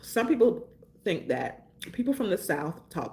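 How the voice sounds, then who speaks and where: A woman from Mississippi hosting a casual live stream, talking fast and chatting playfully with viewers while getting over a sore throat. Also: fairly low pitch, very animated, warm tone. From Mississippi, USA.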